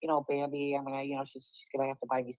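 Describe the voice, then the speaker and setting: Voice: mid-range voice, monotone, very fast, a little mellow, dry recording, poor audio. A guest in a casual livestream chat, ranting sarcastically with heavy swearing.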